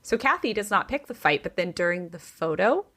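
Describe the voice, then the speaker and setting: A woman's voice: medium pitch, fairly quick. A woman hosting a podcast, casually telling a family gossip story and acting out the people in it, saying "like" a lot. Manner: animated storyteller who acts out the people in her story; chatty, heavy use of "like". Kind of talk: casual chat.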